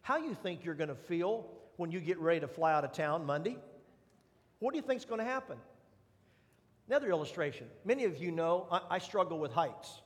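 A man's voice: on the high side, sing-song, a little fast. A man, a pastor, preaching a sermon and telling a humorous, self-deprecating personal story. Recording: long hall reverb.

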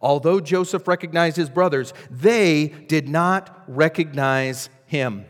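Pastor, male, higher voice, dynamic sermon delivery, long hall reverb. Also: slow pace.

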